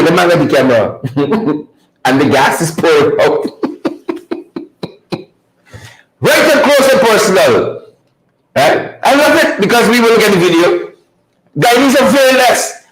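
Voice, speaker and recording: A high-voiced man hosts a livestream show, laughing often and repeating his lines in a mocking way. His pitch swings widely and he speaks slowly. The room is echoey, with a faint hiss behind him. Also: fairly bright tone. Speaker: show host. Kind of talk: livestream commentary.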